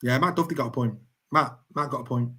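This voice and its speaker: A man hosting a casual sports chat show, jokey and animated, laughing often. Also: mid-range voice, fast, breathy edge. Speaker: podcast host.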